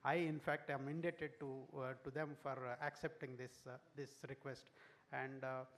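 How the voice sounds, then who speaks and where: A man makes a formal speech at an event. He speaks haltingly, with plenty of fillers and restarts, at a middling pitch. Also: little pitch movement. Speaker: sponsor giving a speech.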